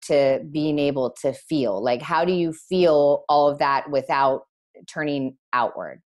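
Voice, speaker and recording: A woman's voice: deep voice, a little slow. A woman interviewer asking thoughtful, probing questions.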